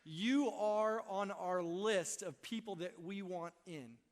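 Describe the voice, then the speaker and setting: A man's voice: sits high, slow. A young man preaching a Christmas Eve sermon in a church, conversational and self-deprecating, often checking in with "right?". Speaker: pastor. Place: church sanctuary. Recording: long hall reverb.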